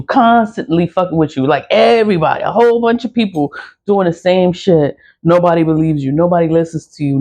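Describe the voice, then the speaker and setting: A vlogger from the Bronx, New York, who practices and sells spiritual goods, vents casually in a monologue while doing a candle ritual. Blunt and foul-mouthed, they repeat themselves often, in a medium-pitched, slightly mellow voice.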